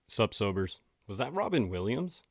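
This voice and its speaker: A man's voice: lowish voice, big pitch swings, normal speed, no echo, studio quality. A man hosting a podcast, narrating in a casual storytelling tone. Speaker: podcast host.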